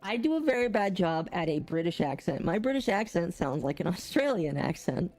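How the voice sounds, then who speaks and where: A young adult woman co-hosting a casual streamed podcast, rambling and halting with frequent restarts and small laughs. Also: lowish voice, sing-song, a little mellow, soft background music. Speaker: podcast co-host.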